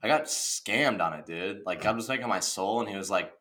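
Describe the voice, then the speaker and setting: Speaking briskly in a lowish voice, this young Midwestern man is on a podcast, cracking jokes in an excited, casual way. "Dude" comes up constantly.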